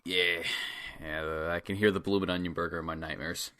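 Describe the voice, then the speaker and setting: A man's voice: deep voice, little pitch movement, moderate pace, bright, forceful tone, clean tone. A man co-hosting a casual wrestling podcast chat, laid-back and dryly humorous as he recaps matches. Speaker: podcast co-host.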